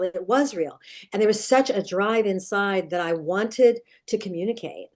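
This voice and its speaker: Her voice is medium in pitch with a darkish quality as this middle-aged woman, a guest expert on dreams, recalls a childhood nightmare for an interview. She tells it in vivid detail and with earnest feeling, restarting many times.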